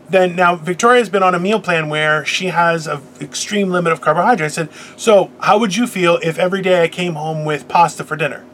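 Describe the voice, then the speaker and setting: A middle-aged man hosting a casual chat, telling stories in an animated, profane way. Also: high-pitched, a little fast. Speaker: podcast host.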